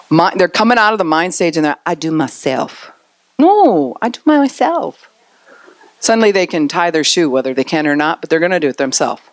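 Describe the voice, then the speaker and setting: A woman pastor preaches in a chatty, conversational way, slipping into little acted-out voices for the people she describes. Her voice sits on the lower side and swoops with plenty of animation. The sound is dry and close, with no room around it. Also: dry recording. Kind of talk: sermon.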